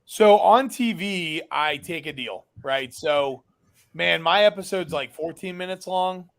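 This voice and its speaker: A man's voice: on the high side, unhurried, vocal fry, fairly bright tone. A man, a business founder and guest, telling a story casually and animatedly, acting out dialogue with lots of fillers.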